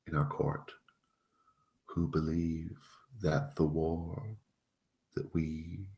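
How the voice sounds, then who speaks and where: A persuasive fae courtier, put on by a man, in a tabletop game. The voice sits very deep and moves slowly. Each plea ends on a soft, leading question. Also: heavily acted. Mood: coaxing. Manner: slow, coaxing, ends on rising questions.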